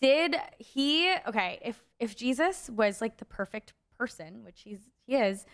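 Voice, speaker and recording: A woman's voice: on the high side, lively intonation, a little slow, fairly bright tone. A young adult woman co-hosting a faith podcast, telling a story in a rambling casual way, full of "like" fillers. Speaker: podcast co-host.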